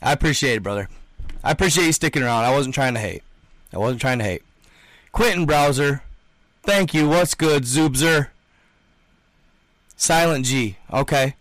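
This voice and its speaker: A man's voice: medium pitch, moderate pace, long pauses, fairly bright tone, no echo. A young man hosting a livestream, chatting and reading out comments in an emphatic, slangy way, repeating himself often. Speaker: livestream host.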